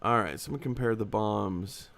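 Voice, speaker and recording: A man's voice: on the low side, moderate pace, gravelly, a bit bright. A young man hosting a live movie chat, reading out viewer comments and rambling casually with lots of fillers and restarts.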